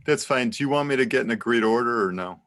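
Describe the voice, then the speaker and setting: A man's voice: medium pitch, fast, a bit bright. A man attorney in a hearing held over a video call, speaking in a polite, businesslike way. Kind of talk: courtroom exchange on a video call.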